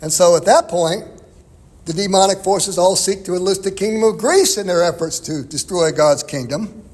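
A man with a high, husky voice preaches through a scripture passage. He explains in a relaxed, conversational way and chuckles between points. His words ring out with a long reverb, as in a large hall. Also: normal speed. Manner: expository, conversational, chuckles often. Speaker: pastor. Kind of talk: sermon.

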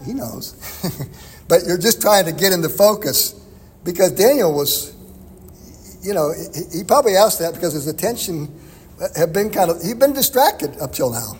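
A man with a high, husky voice preaches through a scripture passage. He explains in a relaxed, conversational way and chuckles between points. His words ring out with a long reverb, as in a large hall. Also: a little slow, long pauses. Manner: expository, conversational, chuckles often. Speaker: pastor. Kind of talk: sermon.

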